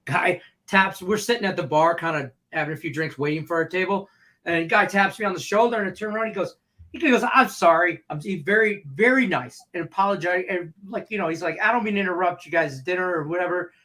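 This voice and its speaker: Guy cohosting a betting show, high bright voice, tells stories and does everyone's lines. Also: fast. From Detroit area. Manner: animated storyteller, acts out quoted voices. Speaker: co-host. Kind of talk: casual sports betting chat.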